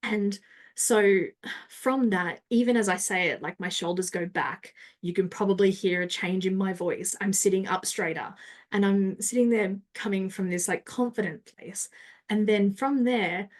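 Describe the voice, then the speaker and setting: A woman's voice: mid-range voice, moderate pace. A woman marketing coach, a guest on a podcast, who explains her ideas in a casual coaching tone and often checks in with "right?".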